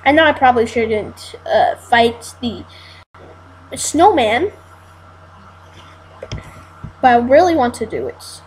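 A woman's voice: fairly high pitch, expressive, a little slow, slight background noise, low-quality recording. A woman giving casual let's-play commentary, frustrated and exclaiming, repeating herself as she plays. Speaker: gameplay commentator.

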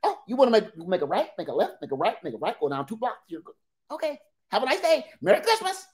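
Cheerful brisk local, quick and higher as a man puts him on. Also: huge pitch swings. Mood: chipper. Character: chipper local giving directions, unbothered by cold.

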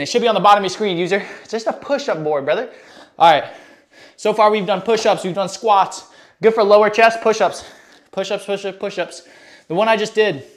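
A young man livestreaming a home workout, talking to chat in hyped, casual bro slang while out of breath. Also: high voice. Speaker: fitness streamer. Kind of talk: live workout stream chat.

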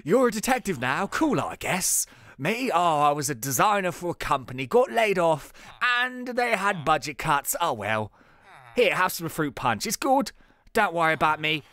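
An easygoing young man with a South London accent shrugs things off in a game, as a woman puts him on. His voice sits low and casual, with an offhand drawl. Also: sing-song, moderate pace, a bit bright, dry recording. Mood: laid-back.

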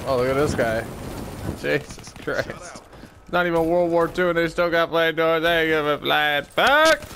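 Profane, exasperated gamer man, high lively voice. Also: noisy background. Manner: drawn-out mocking chants. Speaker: gameplay commentator. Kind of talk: live gaming commentary. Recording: loud game gunfire behind the voice.

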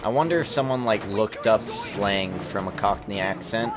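A young man talking through his gameplay in a slightly low voice, chatty and excitable, poking fun at himself. Faint music plays behind. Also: normal speed. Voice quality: chatty, excitable, self-mocking. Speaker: gaming commentator. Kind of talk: casual let's-play commentary.

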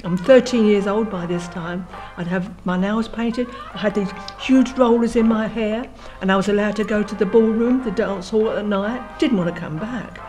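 A woman's voice: mid-range voice, moderate pace, dark tone, soft background music. Elderly woman recalling her childhood. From London. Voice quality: frequent restarts and repeated words while remembering. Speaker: oral history interviewee. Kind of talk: reminiscing, telling a life story.

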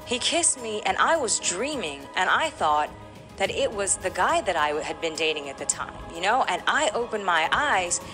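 A woman guest in a candid podcast interview, telling a painful personal story with animated emotion. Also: medium pitch, moderate pace, music in the background.

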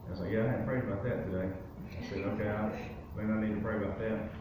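At a church service, a male guest speaker shares a personal testimony, telling his story loosely and conversationally with plenty of fillers. His voice is on the low side, with fairly even intonation and a quick pace. Recorded from far off in a very echoey sanctuary, with background noise.

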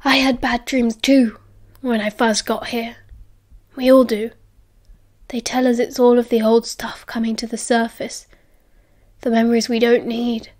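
A woman voicing a thin young man with a rasping voice, speaking calmly and conversationally. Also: fairly high pitch.

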